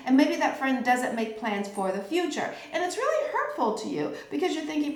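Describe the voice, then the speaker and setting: A middle-aged woman teaching a tarot class in a relaxed, chatty way, often checking in with her listeners. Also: high voice, normal speed, hardly any pauses. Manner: chatty, checks in with "okay?" and "right?". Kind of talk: informal teaching talk. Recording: echoey room.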